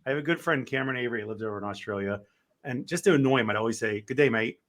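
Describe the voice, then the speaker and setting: Man, American, fast, jokey, chatty podcast co-host. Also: mid-range voice, a bit bright. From United States. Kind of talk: casual podcast conversation.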